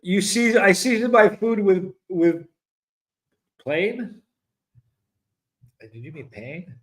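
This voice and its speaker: Giggly high-voiced man reading chat. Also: expressive, slow pace. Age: 50s. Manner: laughing often, delighted, reading comments aloud. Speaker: streamer reading chat comments. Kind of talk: casual live-stream chat.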